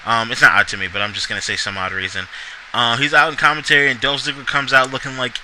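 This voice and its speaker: A man's voice: medium pitch, pushed and bright, slight background noise, rough recording. A man recapping a wrestling show in a casual, rambling way, with many fillers, restarts and side remarks.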